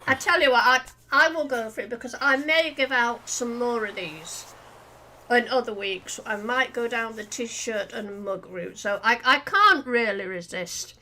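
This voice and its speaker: Bright-voiced chatty woman co-host. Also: fairly high pitch, unhurried, poor audio. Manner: chatty, thinking aloud. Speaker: livestream co-host. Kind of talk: casual livestream chat.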